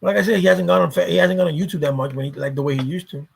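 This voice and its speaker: A man rambling through a casual vlog, swearing often and doubling back on his words. His voice sits a little high for a man, with a gravelly fry and a raspy, husky edge. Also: racing. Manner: rambling, profane, repeats himself. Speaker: YouTuber.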